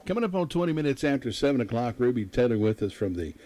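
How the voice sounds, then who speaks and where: A man's voice: medium pitch, very animated, quick pace, dark tone, no echo. A middle-aged man hosting a local morning radio show, chatty and joking. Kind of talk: casual radio chat. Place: radio studio.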